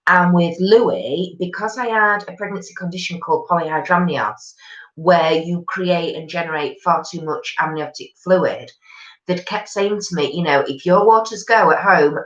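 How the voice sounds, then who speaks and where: A gossipy woman in her forties chats on a live stream, reading out comments and answering them warmly. Her voice sits fairly low. The sound is dull and lo-fi, in a roomy, echoey space. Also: normal speed. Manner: chatty and gossipy, with many ums. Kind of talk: casual chat reading out viewer comments.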